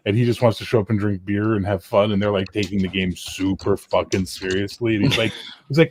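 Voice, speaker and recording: A man in a casual group chat, loud and joking and swearing freely. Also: lowish voice, quick pace, no room sound.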